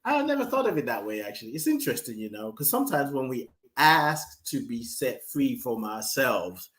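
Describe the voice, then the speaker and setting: A man guest talking reflectively in a conversation, expressive and animated, slipping into emotional stories. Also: medium pitch, moderate pace, roomy sound.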